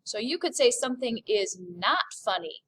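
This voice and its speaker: A woman teaching a recorded French lesson, speaking slowly and clearly and modeling French phrases in an upbeat way. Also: on the high side, expressive, sharp tone.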